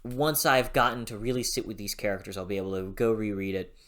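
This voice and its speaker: A young adult reviewing a book in a casual vlog, rambling and gushing, then bursting into loud swearing rants. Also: medium pitch, quick pace.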